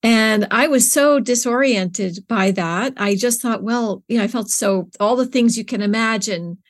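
A woman's voice: on the high side, measured pace. A middle-aged woman speaking as an interview guest, earnest and searching, often restarting her sentences with fillers. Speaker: interview guest, nonprofit co-founder. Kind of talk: conversational interview.

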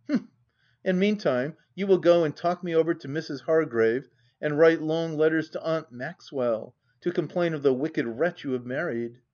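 A man's voice: a little high, normal speed, darkish tone, muffled recording, natural voice. A man doing a mocking, insolent husband. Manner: blustering, mocking.

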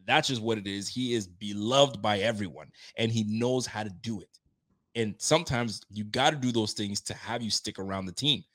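Hyped sports podcast guy, laughs a lot, gets loud when he makes a point. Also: on the low side, moderate pace. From Haitian roots. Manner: animated, laughing, swings loud for emphasis. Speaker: podcast host. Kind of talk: casual sports chat.

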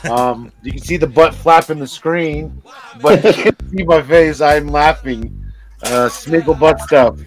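A man's voice: on the high side, measured pace, soft background music. A male podcast co-host in casual chat, rambling, swearing and joking.

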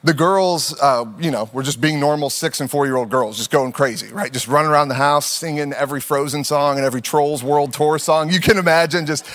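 A man in his thirties preaching a sermon in a conversational, animated storytelling manner, slipping into playful put-on voices. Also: on the high side, brisk, hardly any pauses, big-room sound. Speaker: pastor.

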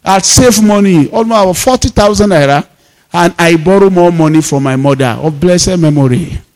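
High-voiced Nigerian pastor preaching. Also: male voice, normal speed, a little mellow. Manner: emphatic storytelling, mixes in Yoruba proverbs. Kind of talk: sermon.

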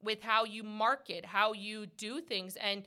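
A middle-aged woman hosting a podcast, talking loudly and animatedly in casual conversation, laughing often. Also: medium pitch, fairly even intonation, unhurried. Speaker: podcast host.

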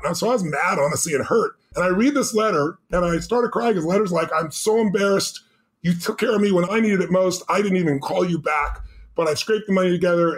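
A middle-aged man, a podcast guest, telling a personal story with intensity, moving between loud and hushed moments. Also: sits high.

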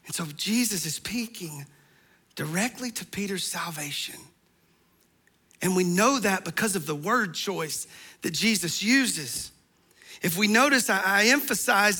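Bright, high-voiced preacher. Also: male voice, animated, a little slow. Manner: impassioned, emphatic preaching, dropping to soft tones for stress. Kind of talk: sermon.

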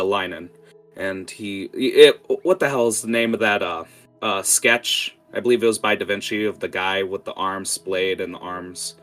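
A man narrating as game master of a tabletop game in a relaxed, halting way, with many fillers. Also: lowish voice.

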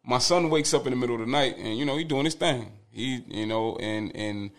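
A young man with a gravelly, fry-edged voice tells stories as a podcast guest. His delivery is animated and profane, often breaking into laughter, and it swings between loose, easy chat and bursts of loud retelling. His voice sits at a middle pitch. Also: brisk, a crowd in the background. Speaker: podcast guest, father of twins. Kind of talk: casual podcast storytelling.

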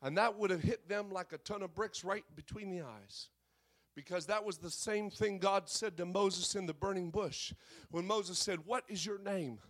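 Male preacher, very high pitch, fiery sermon delivery with sung, shouted climaxes and soft asides, lots of "uh" fillers. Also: moderate pace. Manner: impassioned, swinging from shouted sing-song to hushed tones; frequent "uh" fillers.

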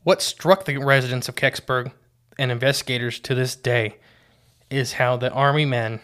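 A man's voice: medium pitch, fairly even intonation, normal speed, fairly bright tone. Male podcast co-host, casual, reads from notes, stumbles and restarts. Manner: reads quotes aloud, restarts often. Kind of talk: casual chat, reading from notes.

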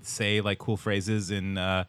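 Young guy hosting a podcast, crude rambly banter, bright dry voice. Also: lowish voice, little pitch movement, slow pace, clean tone, no room sound. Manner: rambling, profane, laughs often. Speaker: podcast host.

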